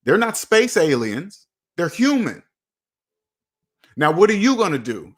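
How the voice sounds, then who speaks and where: A man in his forties delivers a fired-up money sermon straight to camera, circling back to the same points again and again. His voice sits a little high for a man, and he keeps calling himself by name as he scolds and urges. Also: very animated, a little slow, a bit bright. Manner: preachy, repeats himself, talks to himself by name. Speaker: personal finance video host. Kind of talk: motivational monologue to camera.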